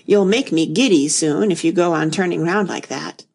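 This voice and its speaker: A woman's voice: on the low side, moderate pace, creaky, darkish tone. A woman voicing an old sheep who keeps a shop and knits, speaking with dry, tart questions. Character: old female sheep shopkeeper, knitting, tart.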